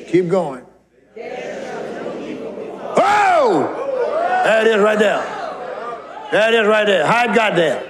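A man preaching a sermon, fervently reading and shouting scripture lines. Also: very high voice, lively intonation, normal speed, background noise. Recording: live church crowd behind.

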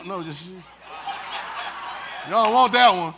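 A man preaching a sermon with folksy, laughing asides, leading call-and-response and swinging from quiet talk to shouts. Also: high voice, brisk, slight background noise. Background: congregation responding.

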